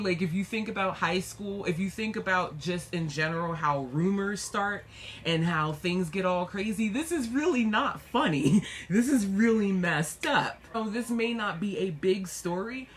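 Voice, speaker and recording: Excitable young woman vlogging with dark humor. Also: moderate pace, a little hiss or hum. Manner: animated and excitable, with laughter and sudden high bursts; self-deprecating, with a dark sense of humor. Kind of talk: casual commentary vlog.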